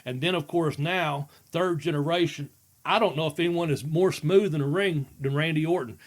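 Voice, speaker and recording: Fairly high-pitched and moderately paced, this middle-aged man is a former wrestler co-hosting a wrestling talk podcast. He spins stories in a casual chat, frequently laughing while doing voices.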